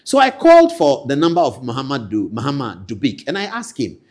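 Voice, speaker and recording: A man with a Ghanaian accent giving political commentary, animated and swinging between loud outbursts and low asides. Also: a little fast.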